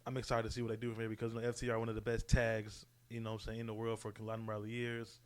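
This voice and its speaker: A man co-hosting a podcast, chatting about wrestling in relaxed slang, often asking "you know what I'm saying?". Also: lowish voice, racing. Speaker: podcast co-host. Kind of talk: casual wrestling predictions chat.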